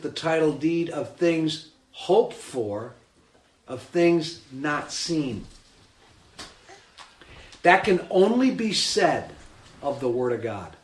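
Animated preacher man in an echoey room. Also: mid-range voice. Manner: animated, acts out the scene with rising emphasis. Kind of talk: sermon.

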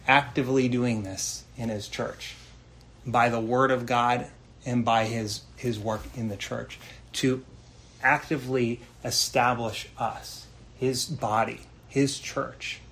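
Slow, earnest male preacher. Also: medium pitch, slight background noise. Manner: earnest, conversational, asks rhetorical questions; reads scripture slowly and deliberately. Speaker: pastor. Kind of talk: expository sermon.

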